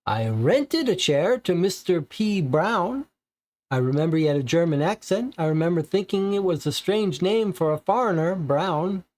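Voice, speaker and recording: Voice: mid-range voice, lively intonation, normal speed, darkish tone, natural voice. A game reader voicing a polite, somewhat hesitant young male salesman in a read-aloud board game.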